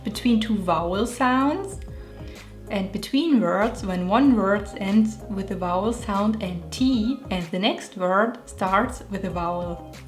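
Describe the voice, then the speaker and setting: A woman's voice: medium pitch, slow pace. Young german lady w/ german accent, chatty and joking at herself, bit of music in the back. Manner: playful, self-mocking, laughs often. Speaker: illustrator and vlogger. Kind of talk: talking over a speed painting video.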